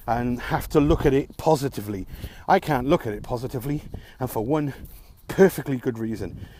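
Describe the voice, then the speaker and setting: A man's voice: mid-range voice, a little mellow, slight background noise. A man talking alone to camera in a frustrated, sarcastic rant, swearing often. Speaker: vlogger. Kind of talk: ranting vlog monologue.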